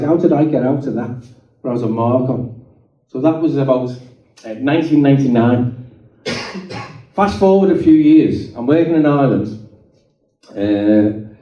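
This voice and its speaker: A middle-aged guest speaker shares his personal testimony in a meeting hall, his mid-range voice very dark and mellow. He chats with the room, keeps making sure listeners are following, and often restarts his sentences. The sound is dull and distant, echoing across the hall.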